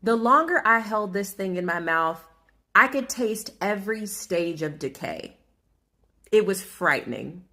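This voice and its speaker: A woman's voice: lowish voice, lively intonation, moderate pace, sharp tone. A woman food vlogger telling a dramatic, exaggerated comic story in a restaurant review rant.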